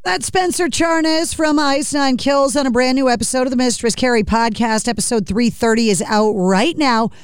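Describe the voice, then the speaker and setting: A woman hosting a radio interview, chatty, with quick reactions. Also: sits high, clear, resonant tone, no echo, clean studio sound. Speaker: radio host.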